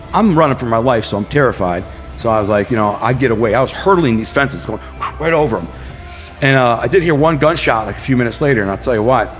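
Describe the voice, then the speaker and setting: A man from the Detroit area, a podcast guest, telling an intense story in a fast, casual way, often saying bro and man. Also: medium pitch, long reverb tail. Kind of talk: animated storytelling.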